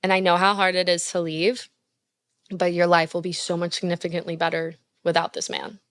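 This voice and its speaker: A woman's voice: on the low side, level tone, fairly quick, a bit bright, clean tone, dry recording. A young woman hosting a podcast, giving casual advice in a blunt, profane, gushing way. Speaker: podcast host.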